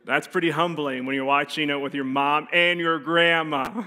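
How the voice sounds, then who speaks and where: A man preaching a sermon, telling a personal story with animated voices and quiet, serious stretches. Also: fairly high pitch, moderate pace. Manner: animated storyteller, acts out voices, drops soft for serious moments. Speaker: pastor.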